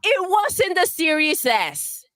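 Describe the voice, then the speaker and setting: A woman's voice: extremely high pitch, huge pitch swings, slow pace, fairly bright tone, no echo. A woman delivering a profane, scornful rant full of swearing. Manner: scornful, swearing, mocks with put-on voices. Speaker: livestream segment voice.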